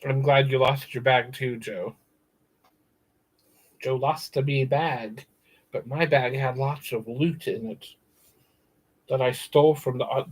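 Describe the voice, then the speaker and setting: An American man hosts a casual livestream in a mid-range voice, chatting with viewers. He repeats words over and over for crude, silly jokes. The recording is rough.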